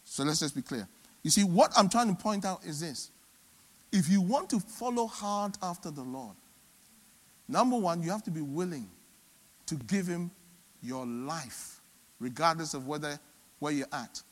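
A high-voiced male preacher with a very lively, swooping delivery. He rises to loud, emphatic peaks and drops to soft, low asides. His voice rings out with long reverb, as if in a large church hall. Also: measured pace, long pauses. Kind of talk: sermon.

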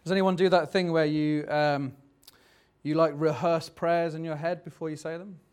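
A man's voice: fairly high pitch, fairly even intonation, normal speed, a little mellow, clean tone. A man preaching a sermon in a reflective, conversational way, turning dramatic when he reads scripture.

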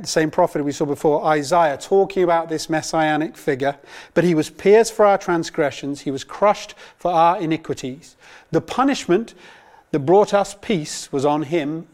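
A man's voice: fairly high pitch, a little mellow. A man, giving a Bible course talk in an earnest, storytelling way with personal anecdotes. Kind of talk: sermon-style teaching talk.

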